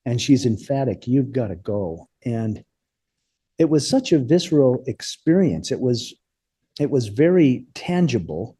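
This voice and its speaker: A man with a very dark, mellow voice that has a husky edge, heard in a dry room with no echo. He tells a personal story as an interview guest. His delivery is halting and earnest, with frequent repeated words. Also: medium pitch, very animated.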